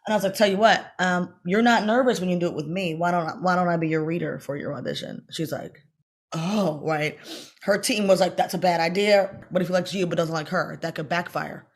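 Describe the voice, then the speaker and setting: A middle-aged woman, an actress, telling a story in a casual interview. She is animated, acts out the voices she quotes and talks fast in bursts. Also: fairly low pitch.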